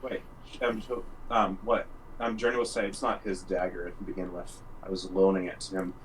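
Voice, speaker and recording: Player, man, very low voice, hesitant with fillers. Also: level tone, moderate pace, far from the mic, slight background noise, poor audio. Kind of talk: casual tabletop play.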